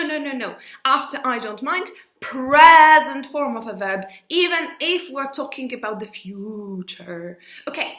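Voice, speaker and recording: A woman teaching an English lesson in a lively, animated way, slowly stretching out her example phrases. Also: high voice, echoey room.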